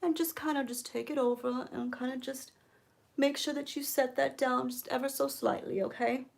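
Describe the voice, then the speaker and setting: A woman giving a mock makeup tutorial, coaxing viewers with deadpan ironic influencer patter and frequent "okay?"s. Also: sits high, normal speed, vocal fry. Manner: coaxing, keeps repeating "okay?". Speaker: beauty vlogger.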